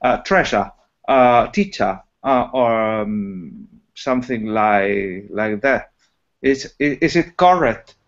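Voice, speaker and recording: A man's voice: expressive, takes it slowly. A man student in an online English lesson who asks questions hesitantly with many fillers. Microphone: video call. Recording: muffled low-fidelity video call audio.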